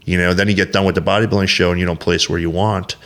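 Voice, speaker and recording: A man's voice: low voice, level tone, fast, fairly bright tone. A man, a competitive bodybuilder, talking as a guest in a candid, rambling interview, blunt and heavily profane, acting out quoted dialogue and leaning on "you know" and "like.". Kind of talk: candid casual interview storytelling.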